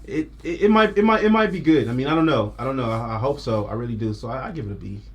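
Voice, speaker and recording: A man's voice: medium pitch, expressive, quick pace. A man co-hosting a casual trailer reaction chat, hesitant and hedging his words. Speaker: co-host.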